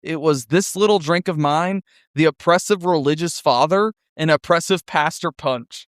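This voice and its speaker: A young man co-hosting a casual podcast, animated and enthusiastic. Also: fairly high pitch, moderate pace, clear, resonant tone, no echo, clean studio sound. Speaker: podcast co-host. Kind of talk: casual chat.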